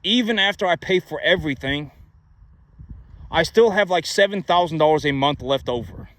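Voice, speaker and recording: A man's voice: fairly high pitch, lively intonation, moderate pace, a bit bright. A man giving money advice in a casual, emphatic monologue, repeating himself and asking rhetorical questions. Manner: repetitive, emphatic, many rhetorical "right?" asides.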